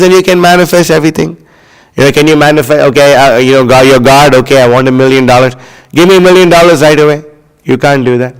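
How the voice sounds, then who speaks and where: A man's voice: fairly high pitch, clean tone. Scornful preacher man in a reverberant hall. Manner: scornful, animated, heavy on "you know" fillers. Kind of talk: scripture class sermon.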